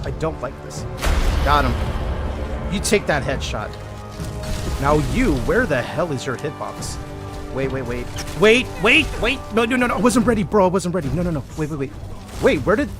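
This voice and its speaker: A male streamer joking, swearing and talking to his game allies as he gives live gameplay commentary. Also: a little high.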